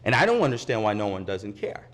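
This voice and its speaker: Man, public commenter, indignant, insistent, very lively pitch, podium mic in a meeting chamber. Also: fast talker. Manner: indignant, insistent, repeats his points. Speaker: resident speaking at public comment. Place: county commission meeting chamber.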